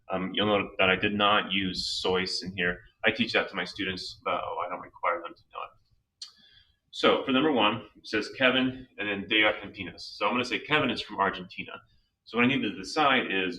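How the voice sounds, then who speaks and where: Male teacher, very low and sharp-edged voice, patient step-by-step explainer, recorded a little off-mic. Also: distant mic, rough recording. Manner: patient, walks through reasoning step by step. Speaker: Spanish teacher. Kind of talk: slow explanatory lesson.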